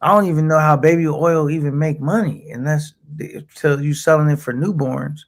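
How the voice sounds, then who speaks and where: A man's voice: fairly high pitch, moderate pace, no echo. A man in casual, profane podcast banter, teasing and laughing.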